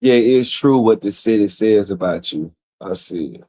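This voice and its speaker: A man's voice: fairly low pitch, moderate pace, warm tone. A man hosting a streamed show, reading out messages and mocking them in a profane, incredulous commentary. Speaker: show host.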